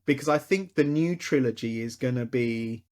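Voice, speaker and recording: A man co-hosts a casual podcast, often hesitating and leaning on fillers. His voice is mid-pitched and plain. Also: moderate pace, a little mellow. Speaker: podcast co-host.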